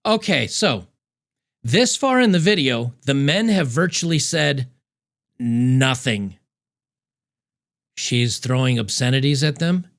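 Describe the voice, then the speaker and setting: A man's voice: medium pitch, expressive, slow, gravelly, long pauses, fairly bright tone. A man hosting a reaction commentary on a video clip, speaking with emphatic, mocking scorn. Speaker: commentary host.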